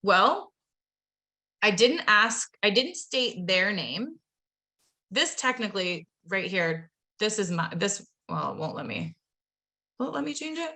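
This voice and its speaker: Bright, chatty woman presenter. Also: medium pitch, big pitch swings, unhurried. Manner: chatty, upbeat, talks straight to the audience. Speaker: webinar presenter training real estate agents. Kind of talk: live online training talk.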